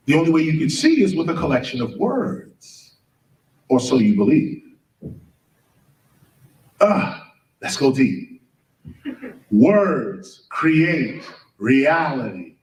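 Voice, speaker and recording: A man's voice: fairly high pitch, big pitch swings, slow, long pauses. A man lecturing an audience, firing questions and spelling out words letter by letter, heard from a distance in a large room. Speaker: speaker. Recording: roomy, from a distance.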